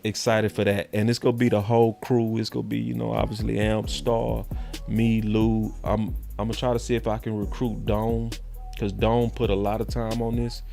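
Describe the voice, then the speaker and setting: A man's voice: on the low side, little pitch movement, normal speed, creaky, dark tone, soft background music. A man hosting a sports podcast, talking in a heated, slangy, repetitive way. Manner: fired-up, slangy, repeats himself. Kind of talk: heated casual sports talk.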